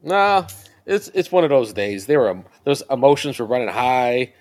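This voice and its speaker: A man in his thirties, a podcast guest, telling a family anecdote in casual chat, animated and often laughing. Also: mid-range voice, moderate pace.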